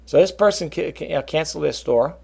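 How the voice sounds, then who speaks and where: A man talking casually to his viewers about reselling, rambling and animated, often calling them folks. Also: fairly high pitch, a little fast, creaky, breathy edge. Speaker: reseller vlogger. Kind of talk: casual talk to camera.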